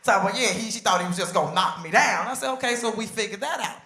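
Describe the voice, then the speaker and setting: A woman doing a stand-up comedy routine on a talk show stage, telling stories in animated style and acting out the people she quotes. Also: medium pitch, quick pace, roomy sound. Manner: animated storytelling with exaggerated quoted voices.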